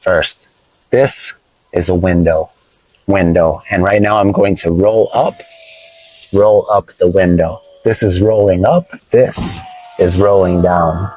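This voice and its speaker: An American man teaching English vocabulary in a casual vlog from inside a parked car, playful and teasing, explaining slowly with lots of repetition. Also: sits low, fairly even intonation, a little mellow, dry recording, low-quality recording. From United States. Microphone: phone camera held by his wife.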